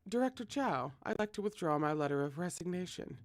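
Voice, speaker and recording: A fan reader voicing an earnest young female coworker who speaks hesitantly with a lowered voice. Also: expressive, brisk, no echo, clean studio sound, natural voice.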